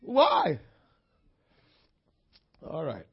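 A man preaching a sermon. He swings from hushed asides to impassioned shouting. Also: fairly high pitch, wildly swooping pitch, extremely slow, husky. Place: church. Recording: dull lo-fi church recording.

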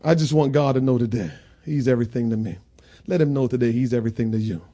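A man preaching a sermon in a church, swinging between shouted preaching and quiet talk. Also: medium pitch, fast talker. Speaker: pastor. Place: church sanctuary.

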